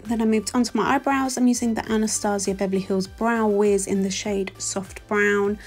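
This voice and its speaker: A woman's voice: mid-range voice, fairly even intonation, normal speed. A woman in her forties with a London accent, talking through a makeup tutorial as a voice-over in a chatty, self-deprecating, gushing way. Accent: London English. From England. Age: 40s. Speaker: beauty vlogger. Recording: faint music underneath.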